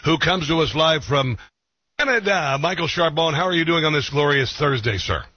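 A man hosting a talk radio show, animated and jokey, bantering with a guest. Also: on the high side, normal speed, slightly rough, no echo. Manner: animated, jokey, self-mocking. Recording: dull lo-fi radio audio.

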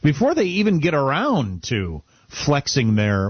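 Husky animated radio co-host. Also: male voice, medium pitch, measured pace, no room sound, highs cut off. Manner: wry, animated, restarts a lot. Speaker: radio talk show co-host. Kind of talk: casual radio talk.

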